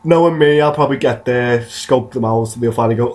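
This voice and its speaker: A man's voice: medium pitch, quick pace, a little mellow. A man, co-hosting a podcast and rambling through jokey stories in casual chat. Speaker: podcast co-host.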